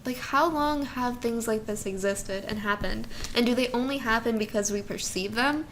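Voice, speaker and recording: A woman's voice: a little high, normal speed, a bit bright, slight background noise. A young woman co-hosting a podcast in casual chat, giggly and filler-heavy, saying "like" a lot. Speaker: podcast co-host.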